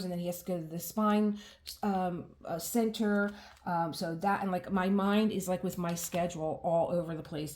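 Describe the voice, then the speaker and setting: A middle-aged woman with a lowish, slightly mellow voice chats casually while crafting at home, rambling and restarting sentences with lots of fillers and laughter. She's a diamond painting vlogger.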